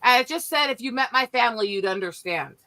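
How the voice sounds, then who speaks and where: A woman telling family stories in a casual chat, animated and profane, often laughing as she talks. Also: fairly high pitch, quick pace, low-quality recording.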